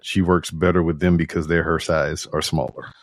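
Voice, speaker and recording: Very deep-voiced laid-back man. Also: little pitch movement, normal speed. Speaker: podcast co-host. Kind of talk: casual chat.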